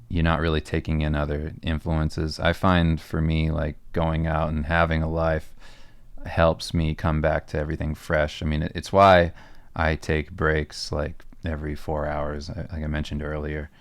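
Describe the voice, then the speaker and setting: A man co-hosting a livestream, a comic artist answering viewer questions in a relaxed, rambling way with lots of fillers. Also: very deep voice, no room sound. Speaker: comic artist and podcast co-host.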